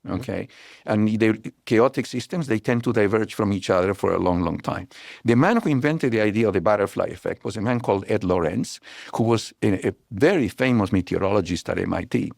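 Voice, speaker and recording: Older male scientist guest, gravelly, explains in loose anecdotal bursts. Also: on the low side, no room sound, studio quality. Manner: digressive, anecdotal, many restarts, animated storytelling. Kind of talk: relaxed explanatory interview talk.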